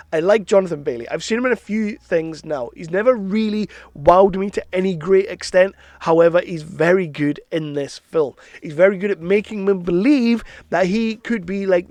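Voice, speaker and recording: A man's voice: high voice, a little mellow, no echo. A man giving a casual spoken film review, chatty and opinionated, with a frank way of talking.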